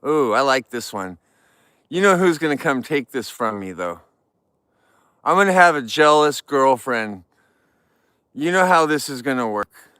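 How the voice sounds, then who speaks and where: Man, casual livestream host, joking with viewers, smooth clear voice. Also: medium pitch, lively intonation, unhurried, pauses often, a bit bright, dry recording. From California. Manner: chatty, jokey, greets viewers. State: tired.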